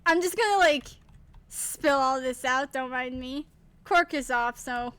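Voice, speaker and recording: A woman streamer playing a courtroom game, excitable, laughing often and swearing mildly. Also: high-pitched, a little slow. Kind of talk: casual game let's play.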